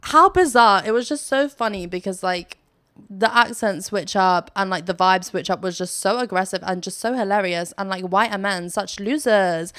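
A woman's voice: medium pitch, normal speed, no room sound, studio quality. A young British woman hosting a casual solo podcast, telling stories in a chatty, giggly way and swearing freely. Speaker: podcast host.

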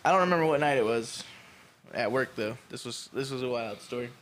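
A man's voice: mid-range voice, fairly quick, fairly bright tone. A man telling a story in a casual chat, laid-back and profane, rambling with fillers.

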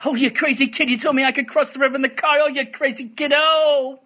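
A man doing an impression of an old-timey celebrity, with a rapid, slurred delivery. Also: very high voice, steady tone, sharp tone. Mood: fussing.

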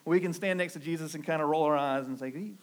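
A Southern man preaching a sermon in an earnest, pastoral way. His voice sits a little high for a man. He swings from emphatic, rising declarations to low, quiet asides. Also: fast talker. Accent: Southern American. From American South. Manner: earnest preaching, rising emphatic on key phrases, dropping low and soft for quotes.

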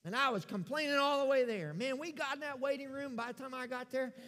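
A middle-aged American man preaching a sermon, telling a personal story with acted-out dialogue, rising loud then dropping to a hush. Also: very high-pitched, quick pace. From United States. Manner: animated storyteller, acts out dialogue, swings from loud to hushed. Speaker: pastor. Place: church sanctuary. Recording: long reverb of a large church hall.

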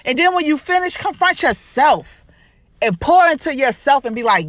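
A woman's voice: high-pitched, lively intonation, normal speed, fairly bright tone, no room sound. Emphatic woman podcast host, dry close mic. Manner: preachy, emphatic, repetitive, uses "baby". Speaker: podcast host, life coach. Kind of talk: motivational talk to listeners.

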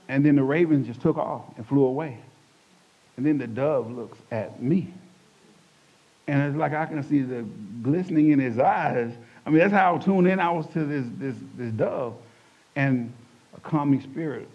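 A man with a slightly high voice tells a sermon story from his own life, acting out the voices as he goes. The recording sounds dull and lo-fi. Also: breathy edge. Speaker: church speaker giving testimony.

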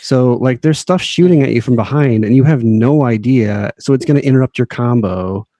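A man's voice: medium pitch, normal speed, mellow, no echo. A man co-hosting a casual gaming podcast, easygoing and chuckling between remarks. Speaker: podcast co-host. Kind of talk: casual podcast chat about a video game.

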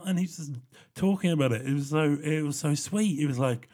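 Young guy rambling through stories on his vlog, animated, swears a lot. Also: on the high side, fast. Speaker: vlogger. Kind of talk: casual solo storytelling.

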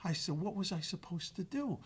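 A man telling a guest anecdote in an animated way, acting out the voices of the other people with frequent restarts. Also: high-pitched, a little fast, slightly rough. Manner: acts out quoted dialogue with restarts. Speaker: actor guest.

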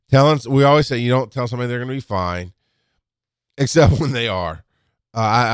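A man speaks in a clear, resonant voice, recorded dry and close with no room sound. He tells a casual, rambling monologue, candid and direct, often restarting his sentences as he goes. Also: fairly low pitch, no room sound. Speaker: paramedic.

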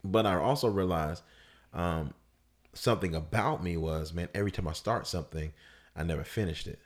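A man in casual conversation telling a personal story, loose and full of fillers, his voice leaping high when he acts out people shouting. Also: normal speed. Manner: animated storyteller, voice jumps up high for quoted shouts. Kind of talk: casual chat.

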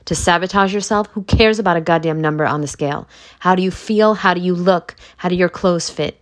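A woman's voice: fairly low pitch, a little fast. Blunt, profane woman motivational host. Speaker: podcast host. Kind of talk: motivational podcast monologue.

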